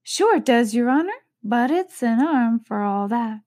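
A woman's voice: on the high side, lively intonation, a little slow, darkish tone. A woman reading aloud voices a timid, deferential male servant with a lilting, humble manner. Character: timid male servant Pat, Irish-speaking.

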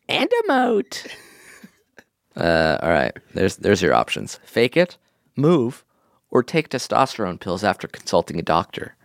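A male podcast host chats casually, his pitch swinging up and down as he jokes and laughs often. He reads a listener's letter aloud with the same playful energy. The sound is close and dry. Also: big pitch swings, moderate pace, gravelly, no room sound.

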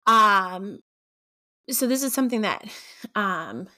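A woman hosting her own podcast as a coach, talking in a gentle, reflective way with frequent ums. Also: medium pitch, lively intonation, slow pace. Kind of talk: casual solo podcast talk.

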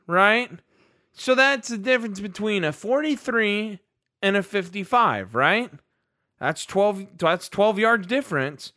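A man co-hosting a sports podcast, heated and ranting, his voice rising into incredulous outbursts. His voice sits high and sounds bright and forceful. The recording is dry and close, with no room sound. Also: expressive, takes it slowly, no echo. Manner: fired-up, ranting, rising to shouts of disbelief. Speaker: podcast co-host.

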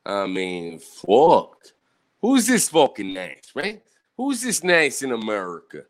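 A man's voice: medium pitch, wildly swooping pitch, slow pace. A man hosting a show, reacting to podcasts with sarcastic, exasperated, profane commentary. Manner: sarcastic, exasperated, swears a lot.

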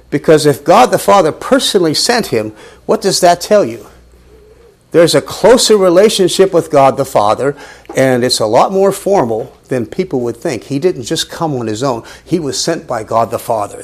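A man leads a Bible study in a church, his voice swinging widely in pitch as he stresses his points. He talks to the group in a conversational, emphatic way, at a middle pitch for a man. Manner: animated, emphatic, conversational teaching. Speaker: Bible teacher.

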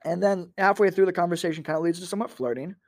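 A man's voice: high-pitched, very fast, dry recording, clean studio sound. A young man hosting a podcast, telling a crude, self-deprecating comedy story in a casual way. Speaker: podcast host.

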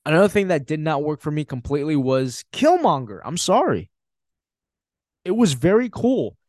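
A man's voice: fairly high pitch, sing-song, normal speed, a little mellow, no echo, clean studio sound. A man hosting a podcast, giving a casual, emphatic film review with frequent swearing and laughter. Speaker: podcast host.

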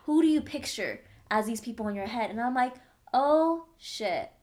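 Brief: young woman co-host, candid and emphatic, voice sits a little high. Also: quick pace, darkish tone. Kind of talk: casual chat.

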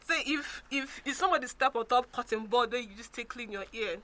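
Young Nigerian woman co-host; high, bright, very lively, chatty storyteller. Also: fairly quick. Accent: Nigerian Pidgin. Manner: animated storytelling, laughing often. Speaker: podcast co-host. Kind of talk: casual chat.

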